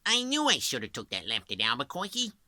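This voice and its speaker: A man's voice: mid-range voice, wildly swooping pitch, fairly quick, sharp tone, pitched above the performer's own voice, exaggerated voice. A man voicing a wisecracking male cartoon rabbit, talking at the front of his mouth.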